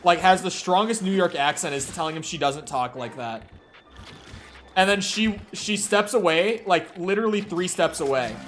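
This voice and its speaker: Streaming a game, this man speaks at a moderate pace in a high, expressive, fairly bright voice, with a faint hiss or hum in the background. He chats loosely with viewers, rambling and cracking jokes with plenty of laughter. He's on a headset or desk mic and wears headphones.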